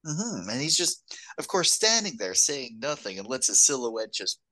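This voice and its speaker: A man co-hosting a podcast, chatting about a film in a relaxed, casual way. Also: mid-range voice. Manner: chatty, quick interjections, laughs along. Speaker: podcast co-host.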